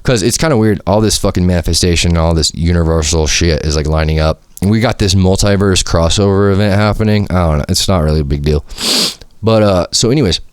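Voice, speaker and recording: A man's voice: deep voice, fast, smooth, dry recording, studio quality. A man hosting a podcast on his own, rambling in casual slang with lots of swearing and filler words. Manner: rambling, slangy and profane, lots of "like" and "you feel me". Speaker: podcast host. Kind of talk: casual solo podcast monologue. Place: home studio.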